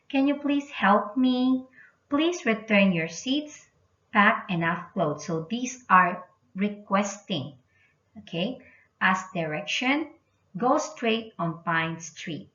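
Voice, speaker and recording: Slow-speaking woman teaching grammar. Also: medium pitch, a bit bright. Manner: explains patiently, repeats key points. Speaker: English teacher. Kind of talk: classroom grammar lesson. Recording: dull roomy recording.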